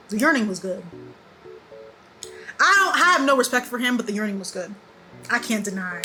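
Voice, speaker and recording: Bright, animated young woman recapping TV. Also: on the high side, fairly quick, pauses often, soft background music, low-quality recording. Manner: animated, repeats lines for emphasis, laughs often. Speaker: beauty vlogger. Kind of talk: casual chatty TV recap.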